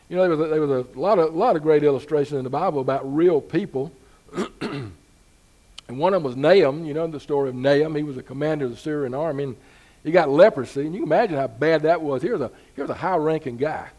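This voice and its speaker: A man's voice: fairly high pitch, warm tone. A man preaching a sermon as pastor, talking to the congregation in an easygoing way with rhetorical questions and rising emphasis.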